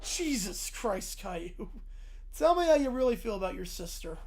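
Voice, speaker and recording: A man hosting a livestream, making dry, deadpan asides while reacting to a video. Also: high-pitched, moderate pace, husky. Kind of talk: casual reaction commentary.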